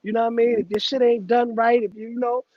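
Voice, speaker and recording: Guy with a really high voice shooting the breeze, cursing a lot, dull dry lo-fi sound. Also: level tone, fast talker. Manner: loose, profane street talk, laughs often. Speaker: host. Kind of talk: casual chat.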